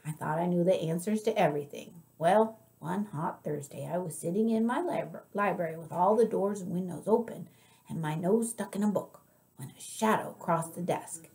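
A woman reading aloud, voicing an old woman librarian who tells a slow, wistful story with dramatic swells. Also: on the low side, gravelly, dark tone. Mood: storytelling.

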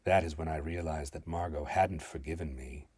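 A man narrates a dark story in the first person, grave and theatrical. His voice is deep with a husky grain. The sound is close and dry, with no room around it. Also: normal speed, no room sound. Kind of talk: dramatic story reading.

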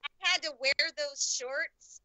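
A woman's voice: high voice, steady tone, a little slow, pushed and bright, no room sound, poor audio. A woman guest on a podcast, an actress giving brief, candid answers about filming.

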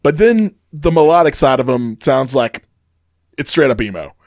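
A man's voice: medium pitch, sing-song, moderate pace, darkish tone, no room sound, clean studio sound. A man co-hosting a casual podcast, chatting loosely with frequent fillers and easy laughs. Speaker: podcast co-host. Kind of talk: casual chat.

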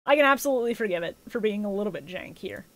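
A woman's voice: mid-range voice, expressive, very fast, no echo. A woman co-hosting a podcast, recapping episodes in a casual, sarcastic, joking way and swearing freely. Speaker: podcast co-host.

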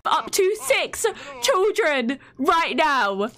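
A woman's voice: high voice, big pitch swings, drawn-out words, pushed and bright, faint music behind. A woman streaming a game, talking casually, laughing often and bursting into dramatic exclamations. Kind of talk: casual live-stream gameplay commentary.

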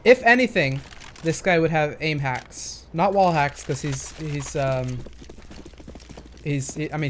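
A man's voice: fairly high pitch, a little hiss or hum. A young man casually commenting on gameplay footage, thinking aloud and hesitating with many fillers. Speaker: gaming commentator.

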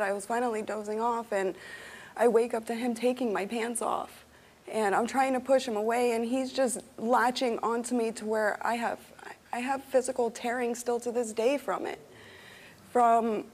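A young woman with a fairly high voice answers questions in a studio interview. She speaks haltingly and emotionally, breaking off and restarting her sentences. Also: darkish tone. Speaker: talk show guest.

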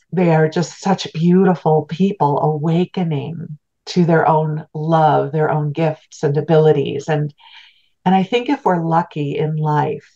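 Middle-aged woman, low voice, heartfelt reflective storytelling, interview guest, slightly dull lo-fi audio. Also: warm tone. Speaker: guest, spiritual teacher. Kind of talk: personal storytelling in a podcast interview.

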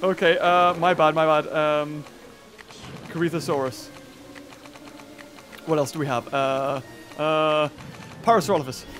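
A British man commentating on a dinosaur park game, breaking into excited shouts and laughter. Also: fairly high pitch, unhurried, long pauses, soft background music. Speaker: gaming YouTuber. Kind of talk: excited let's-play commentary.

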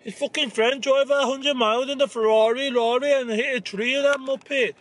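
A man's voice: very high voice, steady tone, fairly quick, fairly bright tone. A young man hosting a casual vlog, teasing and swearing in banter with a friend outdoors by a car. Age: young adult. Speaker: vlogger host.

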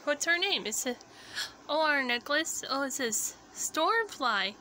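A very high, bright woman performs a homemade fan play, hopping between character voices with an excitable edge. Her pitch swings widely, and her delivery stays unhurried between the bursts. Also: a little hiss or hum, rough recording. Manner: excitable, switching among many character voices. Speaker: fan video performer voicing every character.

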